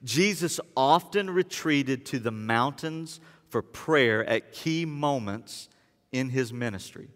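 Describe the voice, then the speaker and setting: Male pastor, sermon, bright and forceful tone, animated storytelling, long hall echo. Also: medium pitch, slow pace. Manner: animated storytelling, retelling scenes in casual words.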